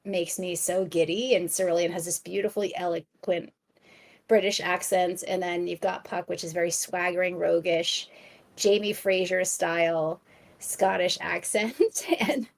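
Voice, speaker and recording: A woman author chatting as a podcast guest, enthusiastic and quick to laugh, often restarting her sentences. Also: lowish voice, fairly even intonation, vocal fry. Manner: frequent restarts and stammers. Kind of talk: casual podcast chat.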